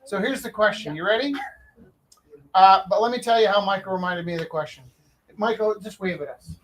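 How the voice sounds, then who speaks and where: A man's voice: high-pitched, fairly quick, a bit bright, poor audio. A man hosting a live stream who tells a story casually, with many restarts and fillers. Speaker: host and auctioneer.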